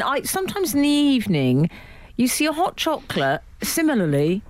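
A woman co-hosting a radio show in a studio, teasing and quick with comebacks. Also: high voice, wildly swooping pitch, no room sound. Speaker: radio co-host. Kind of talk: casual radio banter. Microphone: studio microphone.

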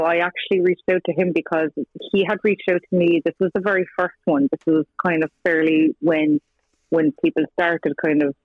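A woman's voice: deep voice, no echo. An Irish woman telling her story as an interview guest, chatty, acting out quoted dialogue and laughing between lines. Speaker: guest, former partner of the subject. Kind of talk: casual interview over the phone. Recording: dry tinny phone line.

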